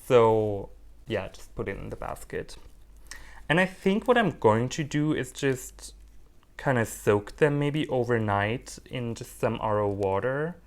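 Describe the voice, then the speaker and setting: A man vlogging casually as he unboxes plants, animated, playful and quick to mock himself. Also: mid-range voice. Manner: animated, playful and self-mocking. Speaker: orchid hobbyist vlogger.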